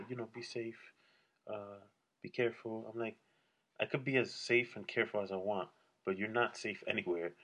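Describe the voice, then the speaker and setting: A man's voice: on the low side, fairly bright tone. A man talking alone to his audience in a casual, rambling rant, blunt and full of swearing. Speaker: solo vlogger.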